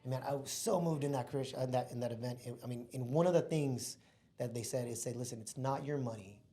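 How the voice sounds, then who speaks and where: A man telling a personal story as a podcast guest, in an excitable, casual way full of slang. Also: medium pitch, quick pace.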